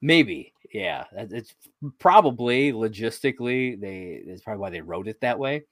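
A man's voice: lowish voice, expressive, moderate pace, fairly bright tone, no echo, clean studio sound. A man co-hosting a podcast, chatting casually about a sitcom episode, rambling, laughing often and swearing now and then. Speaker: podcast co-host.

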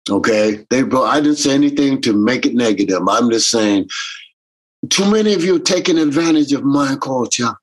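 Husky man telling stories. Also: medium pitch, moderate pace, rough recording. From Jamaican American. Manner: animated, acts out quoted voices. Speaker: reggae bandleader. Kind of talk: casual interview storytelling.

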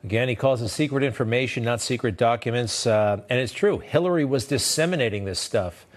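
A man hosting a TV news show, delivering sarcastic, animated commentary that leaps upward in pitch for emphasis. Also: fairly quick. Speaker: TV news host.

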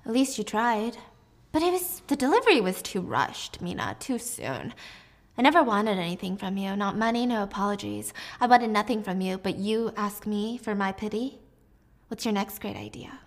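A woman voicing a vengeful teacher who speaks in a quiet, cold, menacing tone. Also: medium pitch, lively intonation, moderate pace, lightly acted.

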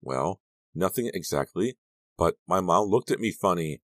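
A man's voice: low voice, animated, a little slow, no echo, clean studio sound. A man voicing a distraught teenage girl who keeps crying and wails her fears in a shaky, pleading way. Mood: anxious, tearful.

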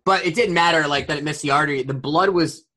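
A man's voice: fairly high pitch, fast talker. A man in his forties telling a rambling story in a casual chat, full of fillers. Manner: rambling, filler-heavy, animated retelling.

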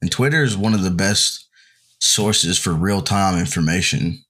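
A young man co-hosting a podcast, chatting in a relaxed, rambling way full of fillers. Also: deep voice, a little slow, crowd noise. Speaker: podcast co-host. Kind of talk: casual chat.

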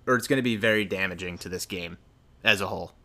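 A man with a fairly low voice makes his case earnestly, circling back to repeat his main point. He talks in a relaxed, conversational way. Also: quick pace. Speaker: podcast co-host. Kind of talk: casual sports chat.

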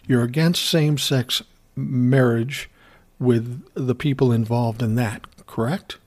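A man's voice: mid-range voice, steady tone, takes it slowly, darkish tone. A man hosting a casual ranting monologue, telling a story in a profane, sarcastic way. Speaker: commentary host.

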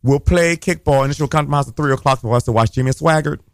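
A man's voice: mid-range voice, fast, dry recording, studio quality. A man co-hosting a casual chat show, talking in a campy, sassy, gossipy way. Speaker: podcast co-host.

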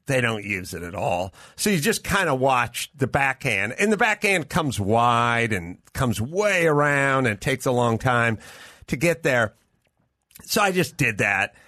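A man's voice: medium pitch, a little slow, dry recording. A middle-aged man, a comedian, telling a story in a casual chat and acting out the voices of the people in it. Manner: animated, acts out voices in his stories. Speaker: guest comedian. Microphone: studio mic over remote link.

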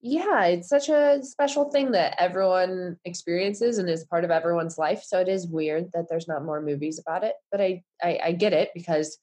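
A woman's voice: fairly low pitch, normal speed, few pauses, darkish tone. A woman guest on a remote podcast interview, talking easily and laughing lightly. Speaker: guest writer. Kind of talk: casual interview chat. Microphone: remote recording.

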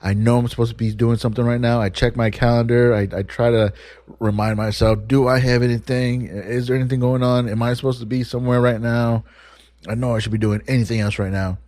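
A man's voice: mid-range voice, little pitch movement, a little fast, a little mellow, no echo. A man hosting a solo podcast, talking in a rambling, candid way and swearing freely. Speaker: podcast host. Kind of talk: casual solo podcast monologue.

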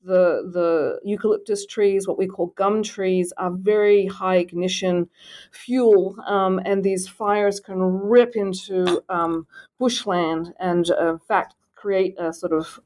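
A woman's voice: medium pitch, fairly even intonation, slow, a little mellow. Podcast guest: middle-aged woman, faint Australian accent, thoughtful, fillers. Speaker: guest author, professor. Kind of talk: podcast interview.

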